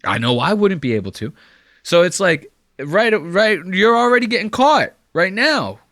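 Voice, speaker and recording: A man giving casual, profane reaction commentary, animated and mocking as he talks. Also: sits high, moderate pace, no echo, clean studio sound.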